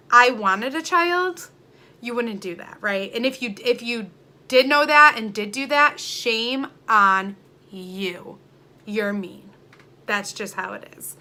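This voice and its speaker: Woman, young adult, candid confessional vlog, emotional and rambling, bright tone, slightly high voice. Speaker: vlogger.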